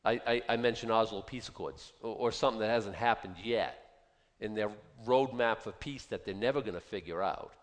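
A man in his fifties preaching a sermon in a conversational, animated way and putting questions to his listeners. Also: on the low side, brisk. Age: 50s. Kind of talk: sermon, Bible teaching. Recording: long hall reverb.

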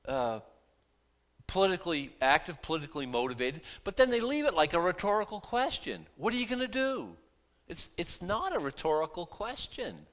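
A pastor delivers a sermon, his male voice sitting on the high side. He preaches in an animated, conversational way, sprinkling in rhetorical questions.

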